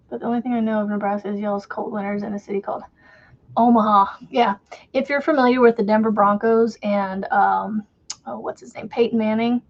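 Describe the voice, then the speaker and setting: A woman's voice: mid-range voice, steady tone, fairly quick, highs cut off. A woman with a faint Southern American accent, hosting a crochet livestream and chatting casually with viewers, rambling and laughing often.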